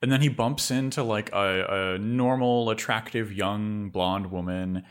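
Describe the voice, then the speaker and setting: Rambling low-voiced man talking movies. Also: fairly even intonation, measured pace, clear, resonant tone. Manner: rambling, full of filler words and restarts. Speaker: podcast co-host. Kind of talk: casual film discussion.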